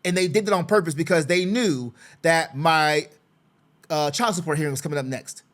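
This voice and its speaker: High-voiced exasperated father, sarcastic. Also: normal speed, a bit bright. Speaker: father representing himself in a custody case. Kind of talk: casual screen-share walkthrough.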